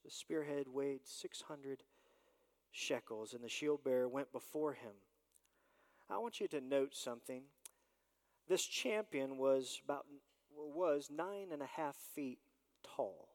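A man preaching a sermon as pastor, animated and rising and falling in volume as he reads scripture and addresses the congregation. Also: mid-range voice. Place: church sanctuary. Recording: long church reverb.

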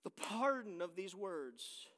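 A man preaching a sermon as pastor, dropping to hushed lines and rising to shouts, at times singing hymn lines. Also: sits high, sing-song, slow pace, long reverb tail.

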